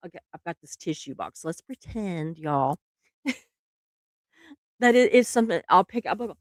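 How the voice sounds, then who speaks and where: A woman's voice: lowish voice, expressive, moderate pace, long pauses, no room sound, studio quality. Chatty giggly woman in her fifties. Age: 50s. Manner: chatty, giggly, with frequent laughs and restarts. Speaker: livestream host. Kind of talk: casual chat with live viewers.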